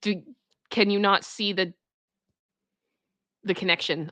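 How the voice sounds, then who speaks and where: A woman streams herself reading a story aloud for the first time. She keeps breaking in with animated, exclaiming reactions. Her voice is bright and forceful, and the sound is dry and close. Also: mid-range voice, measured pace, long pauses, dry recording. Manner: animated, exclaiming reactions between read passages.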